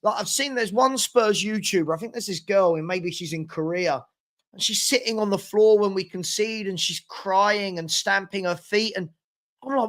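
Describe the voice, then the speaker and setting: A young man with a noticeably high-pitched voice hosts a live football watchalong. He talks in a loose, chatty way, reading out viewer comments and answering them off the cuff. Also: normal speed, fairly bright tone. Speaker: watchalong host. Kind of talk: casual live-stream chat.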